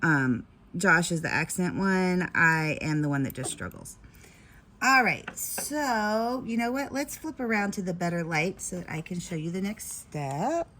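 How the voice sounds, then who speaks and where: A woman's voice: lowish voice, animated, measured pace, fairly bright tone, a little hiss or hum. Chatty giggly woman teaching sewing. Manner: chatty and giggly, self-deprecating asides. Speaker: sewing tutorial host on a live stream. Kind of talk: casual live sewing demonstration.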